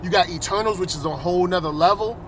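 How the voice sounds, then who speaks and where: A high-voiced man talks with animated enthusiasm. He pushes back hard in casual chat, with faint road noise from inside a car behind him. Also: quick pace. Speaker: podcast host.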